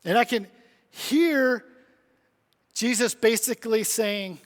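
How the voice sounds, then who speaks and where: A middle-aged male preacher with a strikingly high voice delivers an earnest sermon. He leans on pleading rhetorical questions. His words ring out with a long reverb in a church sanctuary. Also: unhurried, a bit bright.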